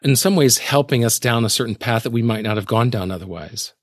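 A man hosting an interview, summing up his guest's points in a measured, reflective way. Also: mid-range voice, dry recording, clean studio sound. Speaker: interviewer host. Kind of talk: casual interview conversation.

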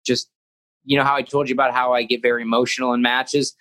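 A young professional wrestler speaks fast in a medium-pitched, somewhat bright voice that barely moves in pitch. Earnest in a casual interview, he rambles, restarts, and acts out what he said.

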